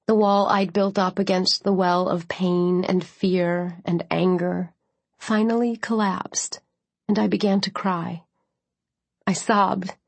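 A woman reading a first-person novel aloud as an audiobook narrator, with measured, steady delivery. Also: mid-range voice, creaky, no echo.

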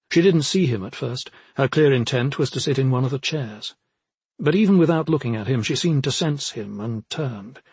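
A man reading fantasy fiction aloud as an audiobook narrator, with a steady, even storytelling delivery. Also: mid-range voice, breathy edge, no echo.

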